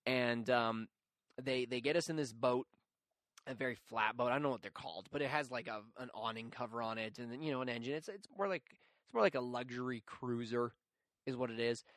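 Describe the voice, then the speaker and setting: A young man hosting a podcast and telling a story. He talks in a chatty, animated way and pokes fun at himself. His voice sits at a middle pitch, and the recording is dry and close. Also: fairly quick, no room sound. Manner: animated, chatty, self-mocking, with many fillers. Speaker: podcast host. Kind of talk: casual storytelling.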